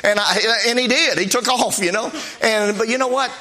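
A man's voice: very high voice, normal speed. A middle-aged man preaching in a folksy, storytelling way, acting out bits of dialogue as he recounts his missionary outings. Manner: folksy, animated anecdotal preaching with acted-out dialogue. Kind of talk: sermon storytelling.

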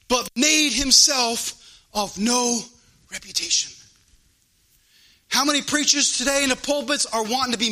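A preacher, a man, delivers a fervent sermon in a high, piercing voice. His delivery swells into a sing-song chanted cadence. The tone is sharp and forceful throughout. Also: rough recording. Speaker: pastor. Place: church.

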